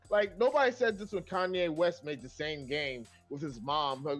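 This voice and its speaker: A man co-hosting a casual gaming podcast, throwing in quick joking remarks. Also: high-pitched, faint music behind. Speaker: podcast co-host. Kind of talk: casual chat.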